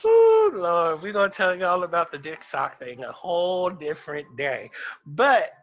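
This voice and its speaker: A man's voice: fairly high pitch, lively intonation, normal speed, sharp tone, lo-fi sound. A man co-hosting a casual podcast chat, ranting in a sassy, emphatic way. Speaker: podcast co-host.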